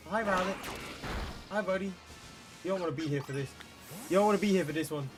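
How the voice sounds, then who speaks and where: Young male streamer, slightly high voice, excitable, talks to chat and repeats himself, music playing underneath. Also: quick pace. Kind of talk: live-stream game commentary. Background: background music.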